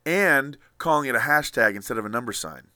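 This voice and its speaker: A man's voice: a little fast, dry recording, studio quality. A man hosting a podcast in casual banter, joking in a playful, mock-aggrieved way. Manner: playful, mock-aggrieved, lively pitch swings. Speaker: podcast host.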